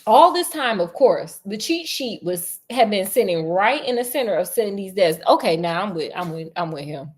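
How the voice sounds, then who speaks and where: A woman reading a novel aloud as a storyteller, breaking off for sassy, animated asides. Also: medium pitch, normal speed, hardly any pauses.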